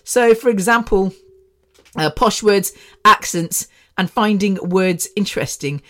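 A woman's voice: mid-range voice, unhurried, fairly bright tone. Woman in her fifties, solo podcast chat, rambling, laughs a lot. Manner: rambling, chatty, laughs often. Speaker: podcast host.

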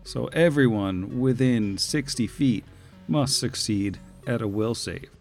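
A man's voice: mid-range voice, slow pace, gravelly, darkish tone, faint music behind. A man serving as game master, plainly reading out monster defenses and abilities with frequent filler words. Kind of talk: running a tabletop game, reading monster stats.

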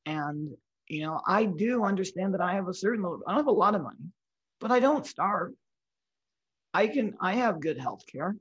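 A woman with a breathy, weak voice, talking frankly as a guest in a casual interview. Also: fairly low pitch, muffled recording. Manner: frank, talks in restarts and lists. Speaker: comedian guest.

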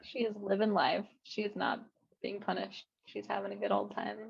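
Young woman co-host, gravelly husky voice, lots of laughter, dull lo-fi sound. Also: mid-range voice, moderate pace. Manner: laughs often, animated storytelling. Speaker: podcast co-host. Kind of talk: casual chat. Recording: dull lo-fi mic.

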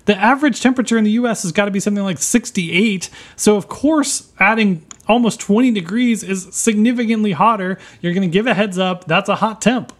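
A man's voice: sits high, a little fast, hardly any pauses. A man co-hosting a comedy podcast, making his case in a playful, mock-serious way. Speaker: podcast co-host. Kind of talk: casual comedic debate.

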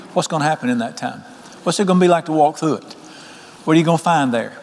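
A man, preaching an evening sermon in a folksy, animated way and asking the congregation questions. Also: a little high. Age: 60s. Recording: long hall reverb.

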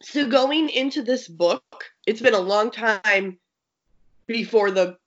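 A woman co-hosting a casual review chat, out of breath from being sick, talking quickly with many restarts. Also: fairly high pitch. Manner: rapid, rambling, lots of restarts and fillers. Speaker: podcast co-host reviewing a game book. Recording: slightly muffled lo-fi audio.

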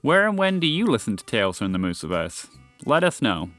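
A man hosting a story podcast, reading scripted storytelling narration in a friendly, expressive way. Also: mid-range voice, a little fast, faint music behind.

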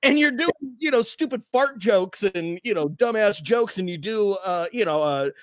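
A man's voice: high voice, moderate pace, crowd noise. A man who hosts morning radio, chatting loosely and rambling as he tells stories on a podcast. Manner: loose, rambling, animated storytelling. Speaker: morning radio host, guest. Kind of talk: casual podcast chat.

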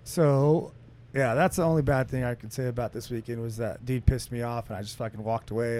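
A man's voice: fairly quick, slight background noise. A man co-hosting a casual chat, telling stories with lots of swearing, his voice rising sharply when he gets heated. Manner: animated, profane storytelling that climbs in pitch when heated.

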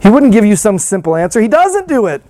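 A man's voice: high voice, big pitch swings, fast talker, dark tone, dry recording. A man preaching a sermon in a casual, conversational way, full of rhetorical questions and fillers. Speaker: pastor.

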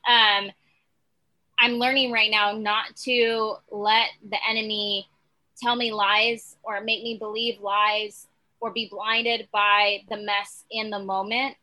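A woman's voice: medium pitch, flat delivery, takes it slowly, bright, forceful tone, rough recording. A woman sharing her experience in an earnest, chatty way during a casual faith chat, with many fillers.

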